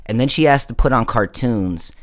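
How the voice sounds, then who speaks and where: A man chatting casually on a late-night stream, spinning a long story in loose, slangy talk. He rambles and doubles back, throwing in fillers and asides as he goes, his pitch sitting in an ordinary middle range. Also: lively intonation, moderate pace. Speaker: livestream host.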